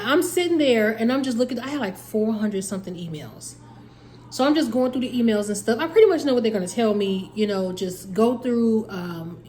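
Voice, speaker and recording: A woman's voice: mid-range voice, a little hiss or hum. A woman, casually telling a story and acting out both sides of the conversation. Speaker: family vlogger.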